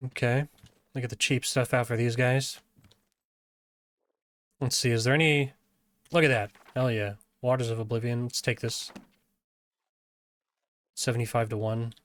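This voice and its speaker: A man's voice: mid-range voice, steady tone, measured pace, pauses often, fairly bright tone, no room sound. Chatty male game streamer. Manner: chatty, laughs easily. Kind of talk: casual gameplay commentary.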